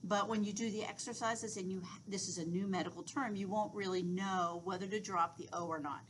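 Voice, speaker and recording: A woman's voice: mid-range voice, steady tone, fairly quick, slight background noise, low-quality recording. Woman teaching, patient and step by step. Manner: reassuring, explains step by step with fillers. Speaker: instructor. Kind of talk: recorded lecture.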